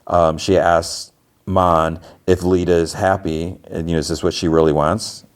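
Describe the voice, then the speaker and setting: A man's voice: sits low, level tone, unhurried, clean tone. A man hosting a podcast, casually recapping TV episodes in a rambling way with lots of filler "like". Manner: rambling, heavy use of filler "like". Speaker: podcast host.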